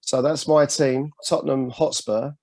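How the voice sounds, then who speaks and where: A man with a North London accent, a guest on a podcast video call, telling his story in a relaxed way. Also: medium pitch, a little slow, no echo. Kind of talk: casual video-call interview.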